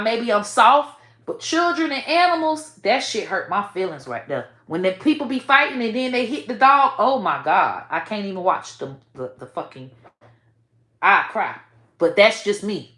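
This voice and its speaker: A woman giving blunt, profane commentary with sudden loud outbursts. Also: on the high side, echoey room. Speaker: online commentator. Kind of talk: casual commentary.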